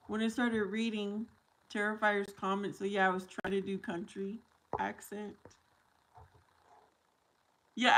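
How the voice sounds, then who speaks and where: A woman's voice: medium pitch, fairly bright tone, rough recording. A woman hosting a casual livestream from her kitchen while washing dishes, reading viewer comments aloud and laughing often. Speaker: livestream host.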